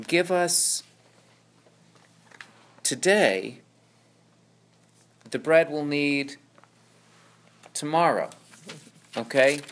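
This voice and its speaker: A man with an ordinary mid-range voice teaches on scripture. He explains patiently and often pauses to check in with his listeners. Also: mid-range voice, very animated, vocal fry, fairly bright tone. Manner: explanatory, checks in with "right?" and "okay?". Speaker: Bible teacher.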